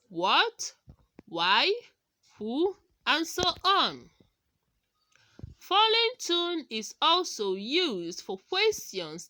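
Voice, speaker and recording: A woman from Nigeria giving an online English lesson, in a slow, lively teacherly delivery. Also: a little high, dry recording.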